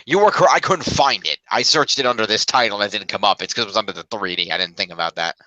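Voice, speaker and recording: A man's voice: on the low side, fast, pushed and bright, no echo, rough recording. A man chatting casually as a film reviewer, rambling and correcting himself as he goes. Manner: rambling, self-correcting, upbeat.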